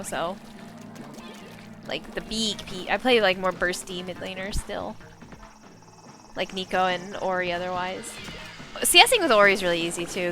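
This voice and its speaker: A woman streamer chatting casually and excitably while she plays, swearing now and then. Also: on the low side. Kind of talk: casual live gaming chat.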